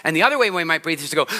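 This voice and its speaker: A man giving a motivational talk on a conference stage, lively and asking the audience questions. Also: a little high. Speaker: conference speaker. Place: large hall on stage. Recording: long hall reverb.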